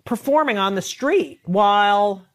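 A woman in conversation who rants with heavy profanity and jumps into sudden animated outbursts. Her pitch sits in a middle range for a woman. She is a comedian, talking casually. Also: a little slow. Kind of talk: casual chat.

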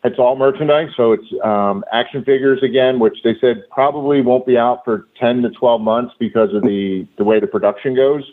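A man's voice: mid-range voice, moderate pace, few pauses. Man telling stories over a tinny phone line. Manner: loose, profane, with many fillers. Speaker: guest, former pro wrestler. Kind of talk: casual storytelling.

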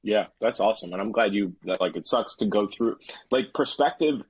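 Very husky low-voiced man, easygoing. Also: fairly quick, no echo. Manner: relaxed, rambling, heavy filler words. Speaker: podcast guest. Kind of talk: casual podcast chat.

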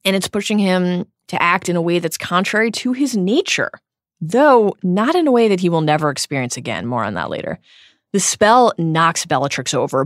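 A woman's voice: fairly low pitch, no room sound, clean studio sound. A woman co-hosting a podcast who retells book scenes earnestly and reads passages aloud. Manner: earnest, emphatic storytelling. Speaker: podcast co-host. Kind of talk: reading book passages with commentary.

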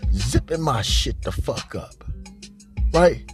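A man hosting a podcast, telling a crude comic story in a profane, rambling, bragging way and getting louder and higher as it builds. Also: animated, moderate pace, soft background music. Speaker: podcast host.

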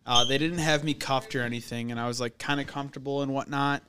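A man's voice: medium pitch, fairly even intonation, quick pace. A young man, a podcast guest, telling a profane story loosely and full of fillers. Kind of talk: casual storytelling. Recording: audible background noise.

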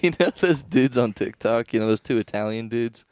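A man's voice: medium pitch, animated, moderate pace, a little mellow, no room sound. A young man co-hosting a podcast, chatting casually with lots of swearing and laughter. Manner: laughing, joking, swears a lot. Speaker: podcast co-host. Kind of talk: casual crude banter.

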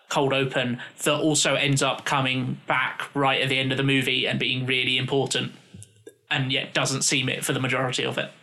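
A man's voice: mid-range voice, bright, forceful tone. A man co-hosting a podcast in casual chat, often stumbling and repeating words as he starts a thought. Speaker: podcast co-host.

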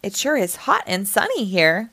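A woman's voice: medium pitch, wildly swooping pitch, moderate pace, sharp tone, breathy edge, no echo, full character voice. A woman voicing a curious little girl who gushes with wonder. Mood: amazed. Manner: gushing, squealing with wonder.

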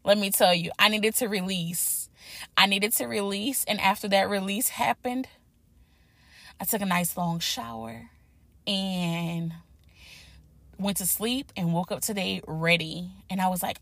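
A young woman talks straight into the mic on her solo podcast, loose and candid, with frequent swearing and restarts. She sounds slightly out of breath after a workout. Her voice sits at an ordinary pitch, and the recording is dry and close with no room sound. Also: measured pace, gravelly, a bit bright, dry recording. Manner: candid, chatty, swears freely, lots of restarts. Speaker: podcast host. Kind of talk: casual solo podcast talk.

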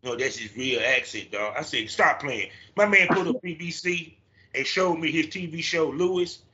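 A man hosting a podcast in casual chat, animated and profane, acting out his own reactions. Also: fairly high pitch, normal speed, lo-fi sound. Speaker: podcast host.

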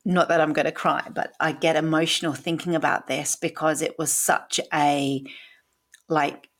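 A woman's voice: deep voice, flat delivery, moderate pace. A woman in her forties hosting a podcast, telling her own story in a candid, emotional way and swearing casually. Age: 40s. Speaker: podcast host. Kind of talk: personal story monologue.

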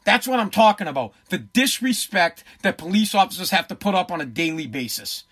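A man in his forties rants bluntly and profanely through his commentary. His voice sits very high and sounds bright and tense. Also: sing-song, fairly quick, slightly rough. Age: 40s. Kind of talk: ranting commentary.

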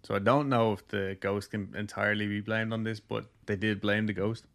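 A man's voice: lowish voice, steady tone, brisk, creaky, fairly bright tone. A man hosting a podcast, casually telling a ghost story with lots of jokes and filler words. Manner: loose, jokey, heavy use of "like".

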